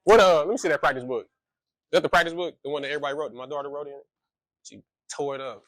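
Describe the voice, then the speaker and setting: A man's voice: fairly high pitch, quick pace, fairly bright tone, dry recording. A man giving a casual reading talk to schoolchildren, rambling and full of fillers. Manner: loose, rambling, filler-heavy.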